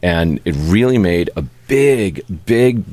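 A man's voice: deep voice, lively intonation, slow, darkish tone, no room sound. A man co-hosting a casual chat who tells a detailed story from radio history.

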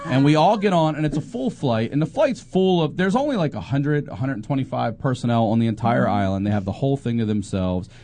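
A man's voice: mid-range voice, fairly quick, hardly any pauses. A man, a comedian and podcast host, telling a story in casual chat, swearing often and acting out quotes. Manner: profane, animated storytelling with acted quotes.

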